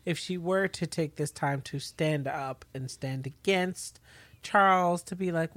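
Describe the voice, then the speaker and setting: Podcast co-host, casual recap; mid pitch, dry close sound, measured and thoughtful. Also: fairly even intonation, fairly bright tone, dry recording. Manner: measured, thoughtful, lots of short agreeing replies. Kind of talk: casual chat recapping a TV episode.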